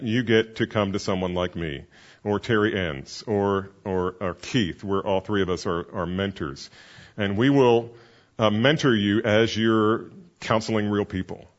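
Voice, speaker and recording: Low-voiced pastor teaching, lo-fi sound. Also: male voice. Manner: earnest, conversational, many fillers. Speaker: pastor and counseling mentor. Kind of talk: teaching a counseling class.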